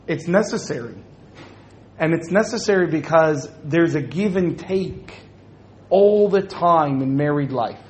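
A man's voice: fairly high pitch, lively intonation, measured pace, a little hiss or hum. A man speaking to an audience at a religious talk, joking and acting out little scenes.

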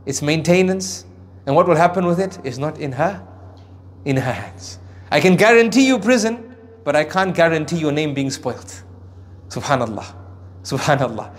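Man, high voice, preacher, sermon, animated, hushed asides, careful Arabic recitation. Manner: animated, swinging between raised emphasis and hushed asides. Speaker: Islamic preacher. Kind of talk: sermon on Quran verses.

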